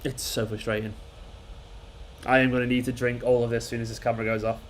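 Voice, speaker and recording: A man's voice: mid-range voice, completely flat delivery, racing, a little hiss or hum. A man hosting a football fan channel, reacting live to a match in an exasperated, swearing rant that keeps repeating itself.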